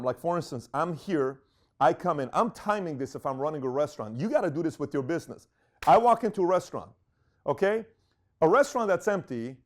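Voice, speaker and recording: Emphatic man telling business stories. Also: on the high side. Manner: emphatic, storytelling, acts out quotes. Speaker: business speaker. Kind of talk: business talk to an audience.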